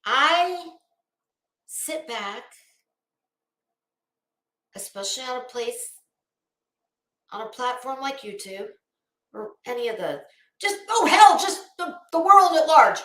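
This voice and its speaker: A high-pitched woman with a bright, edgy voice hosts a live commentary stream. She rambles in a blunt, sarcastic way and greets chat viewers between points. Her voice rings in an echoey room. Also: very animated, takes it slowly, pauses often.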